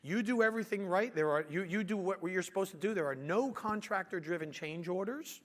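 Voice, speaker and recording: An animated man with a voice high for a male tells a business story at a brisk pace, acting out the quotes along the way. He sounds like a business owner addressing an audience.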